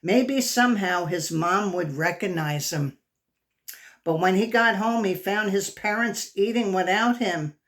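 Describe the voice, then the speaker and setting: Brief: a woman reading a children's book aloud, slow and engaging, asking the kids questions. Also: medium pitch. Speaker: storyteller.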